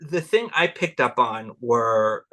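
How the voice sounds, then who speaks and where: Bright-voiced man telling stories with laughs. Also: mid-range voice, slow pace. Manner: rambling, laughs often, quotes people in animated voices. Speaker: guest, cultural anthropologist. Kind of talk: relaxed interview storytelling.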